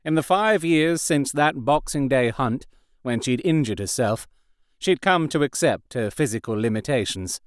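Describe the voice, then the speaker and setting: A man narrating a historical romance audiobook in an expressive storytelling manner. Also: medium pitch, normal speed, clear, resonant tone, no room sound, clean studio sound. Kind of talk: scripted narration.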